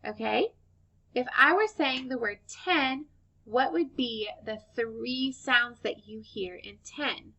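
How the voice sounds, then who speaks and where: A woman teaching young children phonics, sounding out words slowly and clearly and praising them warmly. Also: on the high side, lo-fi sound. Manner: slow, clear sound-by-sound modeling, encouraging.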